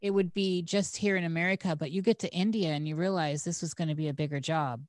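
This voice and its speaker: Woman host, lowish voice, short casual prompts. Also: fairly even intonation, fast talker, darkish tone. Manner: brief prompting questions. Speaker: interviewer. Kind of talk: casual interview.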